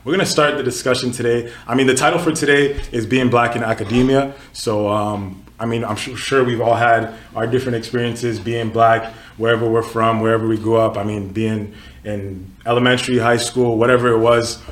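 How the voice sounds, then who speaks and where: A man's voice: mid-range voice, brisk, reverberant. A man in his twenties, born in Nigeria, hosting a casual podcast chat and telling stories with lots of filler words. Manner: relaxed storytelling with filler words. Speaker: podcast host.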